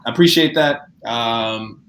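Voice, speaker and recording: A man's voice: medium pitch, a little slow, fairly bright tone. A man hosting a casual live-stream chat, loose and chatty with lots of fillers. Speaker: podcast host. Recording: echoey room with faint noise.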